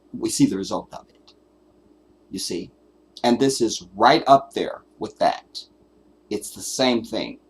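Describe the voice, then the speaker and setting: A man's voice: medium pitch, slightly rough. A man hosting a live stream, delivering an emphatic, profane, preachy commentary rant. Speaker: livestream host.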